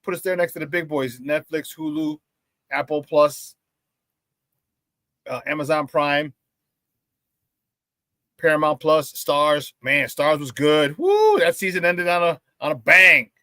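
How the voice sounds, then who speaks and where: A man's voice: a little high, steady tone, unhurried, long pauses, pushed and bright, no echo. A man hosting a morning sports talk show, chatting casually and playfully, hyping up viewers and reading their comments with laughs.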